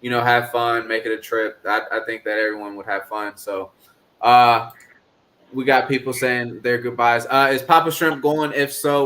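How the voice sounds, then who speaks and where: A man's voice: mid-range voice, fairly even intonation, normal speed, a bit bright. A man hosting a casual livestream chat in a loose, rambling way, with a drawl and lots of filler. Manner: laid-back, rambling, with filler "uh"s. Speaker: livestream host.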